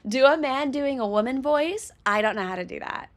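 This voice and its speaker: A woman's voice: high-pitched, expressive, brisk. A young woman streaming a game, chatting casually with laughter and profanity, self-mocking.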